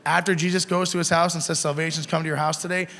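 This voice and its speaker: A man's voice: on the high side, flat delivery, fast talker, bright, forceful tone. Youth pastor man in a reverberant room. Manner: conversational, asks the kids questions. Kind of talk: youth group sermon. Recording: long hall reverb.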